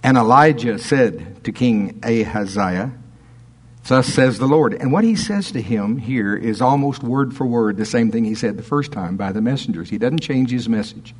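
Animated, chuckling man preaching. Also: mid-range voice, moderate pace, slightly rough. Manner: animated and chuckling, breaking into asides. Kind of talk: expository sermon, reading scripture with commentary.

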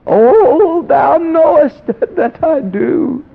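A man voicing a middle-aged friend praying fervently in a high, imploring voice. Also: animated, slow pace, narrow, tinny audio, exaggerated voice. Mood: tearful pleading.

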